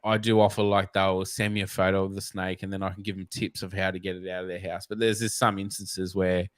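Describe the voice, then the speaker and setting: A man's voice: sits low, flat delivery, fairly quick, dry recording. An Australian man, a snake catcher guest, telling blunt, profane, rambling stories in a casual interview.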